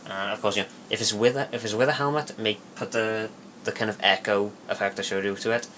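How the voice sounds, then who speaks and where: A man giving a casual spoken tutorial, rambling and halting with many fillers and restarts. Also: on the low side, fairly even intonation, pushed and bright, slight background noise. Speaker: video tutorial maker.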